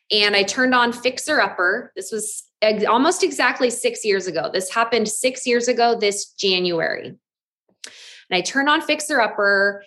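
A woman in her thirties shares a personal testimony in a candid, storytelling way. She talks at a middle pitch and grows animated as she acts out what she once said. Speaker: network marketing distributor.

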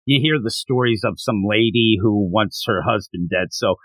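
A man co-hosting a podcast in casual discussion, slipping into quick put-on voices for the characters. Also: fairly low pitch, fairly bright tone, no room sound. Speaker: podcast co-host.

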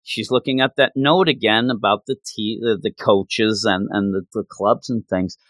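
A man casually recapping an anime episode, telling the story in an animated, emotional way. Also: fairly low pitch, normal speed, no room sound.

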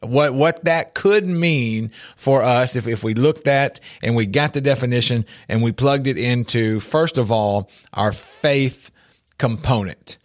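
At an unhurried pace and medium pitch, this middle-aged co-host shares stories on a relaxed faith-and-life talk show. His emphasis is lively, and he tends to repeat words when starting sentences.

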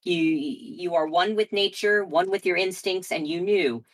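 A woman's voice: lowish voice, measured pace, low-quality recording. A woman playing in a tabletop game, chatting casually and joking around. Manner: playful, joking. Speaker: player.

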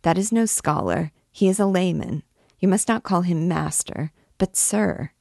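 A pert, bold young woman, hasty and a little bossy, correcting her friend with quick confidence, as a woman narrator puts her on. Her voice sits a touch above the narrator's low tone, dry and close in a classic storybook reading. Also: gravelly, mellow, no room sound.

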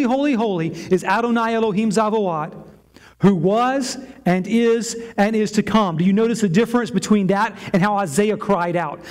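High-voiced guy preaching, fired up, repeats stuff like a chant. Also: a little mellow. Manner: impassioned, repetitive chanting cadence. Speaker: pastor. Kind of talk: sermon.

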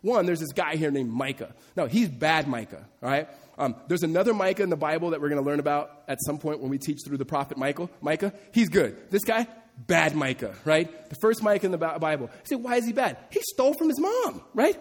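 Animated, conversational male preacher. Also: a little high, brisk. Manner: animated, conversational, acts out quotes. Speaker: pastor. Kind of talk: sermon. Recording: long hall reverb.

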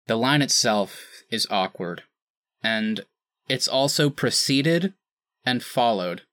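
A man co-hosting a podcast, talking in an animated, sarcastic and profane way. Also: mid-range voice, no echo. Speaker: podcast co-host. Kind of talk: casual podcast chat.

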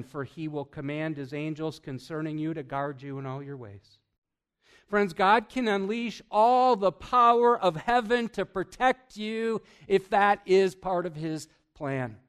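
Animated preaching man with a lightly raised pitch. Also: smooth. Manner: animated, swings between loud emphasis and hushed asides; asks the congregation questions, chuckles often. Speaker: pastor. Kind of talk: sermon.

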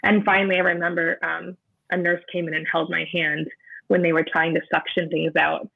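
A woman, an interview guest, recounting a personal experience in a halting way, often restarting as she searches for words. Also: on the low side, level tone, creaky. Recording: narrow phone-like sound.

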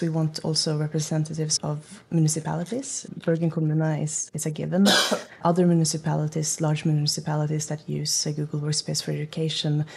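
A woman's voice: sits low, dark tone, husky. A woman, a project manager being interviewed, speaking thoughtfully with many restarts. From Norway. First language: Norwegian. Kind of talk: interview talk.

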